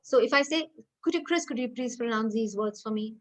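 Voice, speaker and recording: A woman's voice: on the high side, a little fast, slight background noise, low-quality recording. A woman giving an online phonetics lecture over a video call, patiently coaxing students to repeat words.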